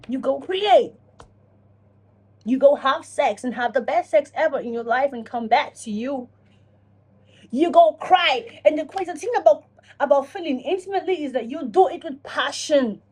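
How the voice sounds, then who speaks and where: A woman talking casually to camera in a self-reflection vlog, animated and profane, acting out her own inner dialogue. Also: high-pitched, normal speed. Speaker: vlogger.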